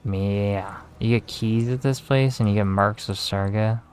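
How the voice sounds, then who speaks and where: A man giving casual, relaxed commentary while playing a game, tired and talking to himself with some swearing. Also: fairly low pitch, unhurried. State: tired, yawning. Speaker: gaming video creator.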